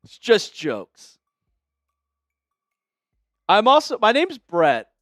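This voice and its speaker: High-voiced, animated male stream host. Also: extremely slow, no echo. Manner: jokey, chatty, addresses viewers by name. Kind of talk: casual livestream chat.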